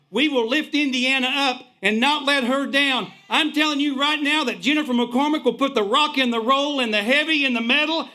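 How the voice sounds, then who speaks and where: A man's voice: very high-pitched, normal speed, hardly any pauses, bright, forceful tone. A man with a Kentucky accent giving a folksy, punchy rally speech outdoors, repeating "folks" as he builds to introducing the next speaker. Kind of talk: rousing political rally speech.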